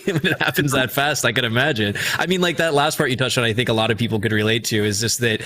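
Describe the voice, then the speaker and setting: A man's voice: mid-range voice, quick pace, sharp tone, dry recording. A man in his thirties hosting a casual interview, eager and affirming. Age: 30s. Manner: eager, affirming, loose phrasing. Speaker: interview host.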